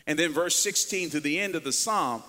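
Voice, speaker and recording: Man, preacher, animated sermon, high-pitched, long hall echo. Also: moderate pace. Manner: animated, emphatic, repeats words, swings between quiet and loud. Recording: long reverb of a large hall.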